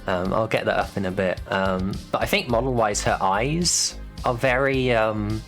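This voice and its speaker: A man hosting a casual streamed interview, hesitant and filling pauses with frequent ums. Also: on the low side, fairly bright tone, faint music behind. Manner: hesitant, full of ums and trailing phrases.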